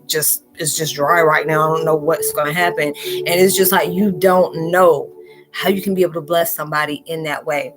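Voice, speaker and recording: A woman vlogger talking earnestly and emotionally in a loose, rambling monologue, acting out the people she quotes. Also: deep voice. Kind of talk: heartfelt monologue to camera.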